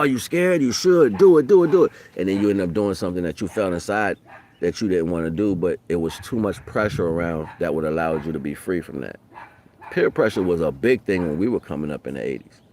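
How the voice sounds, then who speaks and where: Brief: middle-aged man, low-pitched, streetwise, rambling spiritual talk. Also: lively intonation, brisk, slight background noise. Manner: street slang, loose and profane, rises loud for quoted voices. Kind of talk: casual spoken monologue.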